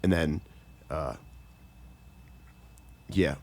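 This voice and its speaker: A man's voice: extremely low pitch, extremely slow, gravelly. A young man co-hosting a podcast, talking in a supportive, hesitant way with many fillers. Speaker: podcast co-host. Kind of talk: casual podcast chat.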